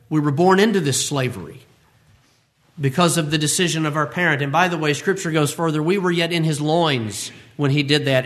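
A man's voice: sits high, a bit bright. A man preaching a sermon, emphatic and repeating phrases for effect.

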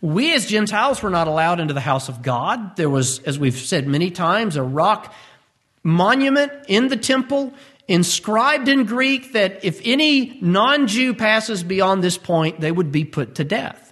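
A man's voice: high voice, expressive, unhurried, a bit bright. A man, preaching a verse-by-verse sermon, earnest and emphatic with humorous asides. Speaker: pastor.

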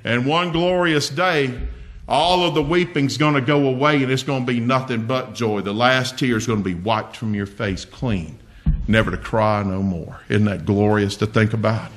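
A man's voice: fairly high pitch, moderate pace, a bit bright. An older man preaching a sermon, folksy and earnest, telling homely stories with humor.

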